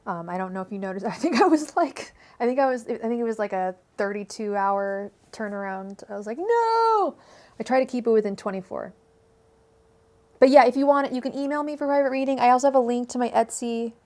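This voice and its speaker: Talking fast in a fairly high, darkish voice, a woman reads tarot on a casual livestream. She has a Californian accent and rambles chattily, full of fillers, restarts and laughter, speaking into her own microphone at home.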